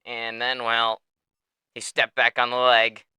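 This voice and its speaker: A man hosting a casual sports podcast, telling stories in an animated way, swearing freely and laughing often. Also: mid-range voice, slow, smooth, no echo. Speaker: podcast host.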